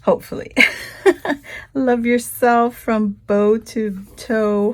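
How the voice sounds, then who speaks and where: Slow, chatty woman gushing over crafts. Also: little pitch movement, darkish tone. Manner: rambling and chatty, gushes in high squeals over cute items. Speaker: craft vlogger. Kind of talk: casual shopping haul chat.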